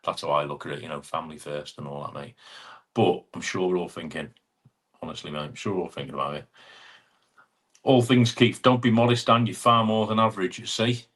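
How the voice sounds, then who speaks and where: A man's voice: deep voice, a little fast, a bit bright. A man hosting a casual live stream, greeting viewers by name and teasing them in friendly banter. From England (Chester).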